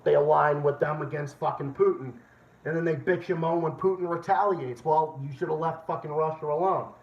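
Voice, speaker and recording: Male streamer host, furious profane rant, highish voice, echoey room on dull lo-fi audio. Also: steady tone, a little fast, gravelly, recorded from a distance. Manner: angry, swearing, repeats himself. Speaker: livestream host.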